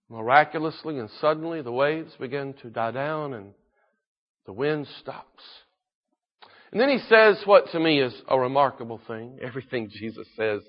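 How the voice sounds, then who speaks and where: A man preaching a sermon in an earnest manner, slowing down to stress key points and often clearing his throat. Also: mid-range voice. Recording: dull lo-fi recording.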